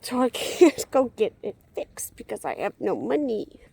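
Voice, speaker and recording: A woman's voice: a little high, expressive, normal speed, creaky, darkish tone, husky. A young woman vlogging as she walks outdoors, rambling with wry muttered asides, tired and a little out of breath. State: tired and a bit out of breath from walking. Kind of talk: rambling walk-and-talk vlog. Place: outdoors walking through a zoo.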